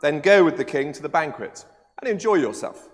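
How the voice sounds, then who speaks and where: A man's voice: fairly high pitch, animated, a little fast, close to an everyday voice. A man voicing Haman's scheming wife and friends in a dramatized scripture reading, with a firm, urgent delivery. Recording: echoey church hall with long reverb.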